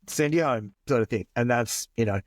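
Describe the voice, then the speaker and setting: A man's voice: mid-range voice, brisk, no echo, studio quality. A man co-hosting a podcast, rambling in casual chat and swearing now and then. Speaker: podcast co-host.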